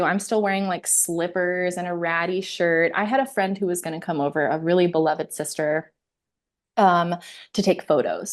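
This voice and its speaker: A woman in her thirties telling her own story as an interview guest, candid and animated, laughing often and acting out her inner voice. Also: lowish voice.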